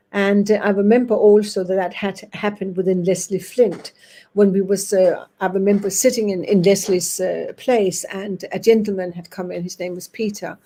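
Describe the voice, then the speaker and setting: A woman medium shares her experiences in a forthright, emphatic way. Her stories are lively, and she puts weight on the points she wants to drive home. Her voice sits at a middle pitch. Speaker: physical medium, guest. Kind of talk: storytelling in a spiritualist talk.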